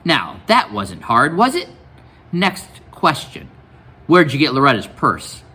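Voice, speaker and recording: A man reading aloud as a menacing adult male biker gang leader, quiet and threatening. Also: medium pitch, huge pitch swings, takes it slowly, breathy edge, exaggerated voice.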